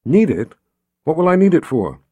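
A man's voice: a little high, big pitch swings, normal speed, dark tone, slightly rough, no echo, muffled recording, pitched above the performer's own voice. A man reading aloud, voicing a frightened young girl who asks small, pleading questions.

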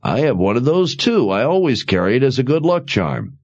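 A man's voice: mid-range voice, sing-song, fairly quick, darkish tone, no room sound, dull audio, voice pushed up. A man doing a friendly, wondering man. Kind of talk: audiobook character voice.

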